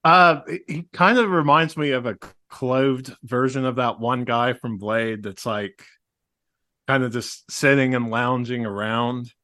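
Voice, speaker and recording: A man's voice: medium pitch, steady tone, unhurried, pushed and bright. A man guesting on a podcast, describing a movie character in a hesitant, casual way. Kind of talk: casual movie-recap chat.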